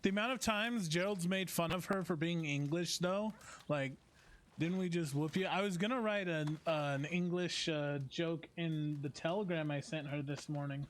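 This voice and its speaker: A man's voice: on the high side, moderate pace, a little hiss or hum. A man streaming a role-play game, chatting casually and teasing with frequent laughs. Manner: joking, teasing, laughs often.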